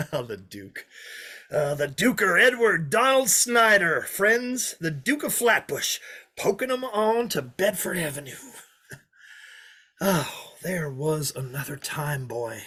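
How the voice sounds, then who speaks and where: An actor playing a menacing drifter who taunts his hostages, swinging from loud mockery to hushed threats, in a play reading. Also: a little high, sing-song, slow pace, breathy edge, heavily acted. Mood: reminiscing. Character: menacing, sneering drifter holding a diner hostage. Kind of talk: play read over a video call.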